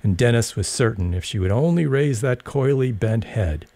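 This is a male audiobook narrator with a medium-pitched voice, telling the story in a steady, measured way. The recording is dry.

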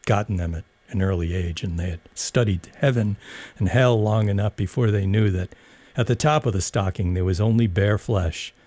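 A man narrating an audiobook in a steady, measured storytelling manner. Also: lowish voice, dry recording.

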